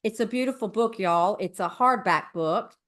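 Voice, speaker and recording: A woman's voice: medium pitch, normal speed, a bit bright. A woman hosting a faith podcast interview, affirming and encouraging her guest. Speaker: podcast host.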